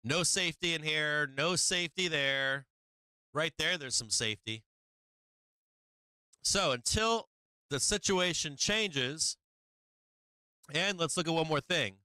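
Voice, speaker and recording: Man doing bright, crisp trading commentary. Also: a little high, animated, slow, long pauses, no echo. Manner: rhetorical questions to viewers, chats to his cat. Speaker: stock market stream host.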